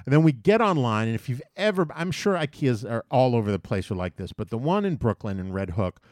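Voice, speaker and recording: A man's voice: mid-range voice, sing-song, fairly quick, darkish tone, no echo, clean studio sound. Man ranting through a profane anecdote. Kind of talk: casual chat, storytelling.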